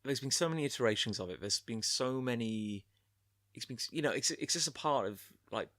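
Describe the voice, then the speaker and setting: Lively, rambling man. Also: mid-range voice, fairly quick, no room sound, clean studio sound. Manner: rambling, self-correcting, animated recaps. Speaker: podcast co-host. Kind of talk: casual chat reviewing an anime episode.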